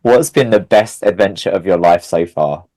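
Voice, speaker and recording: A man's voice: low-pitched, moderate pace, warm tone, no echo. A man hosting a casual interview, asking questions and giving short replies, laughing readily. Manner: brief backchannels, laughs readily. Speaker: podcast host.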